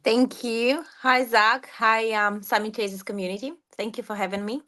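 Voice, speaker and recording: A woman from Ukraine, a guest on a podcast interview, speaking in a measured way and sometimes dropping articles. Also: a little high, steady tone, sharp tone. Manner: measured, drops articles at times. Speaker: guest, success coach.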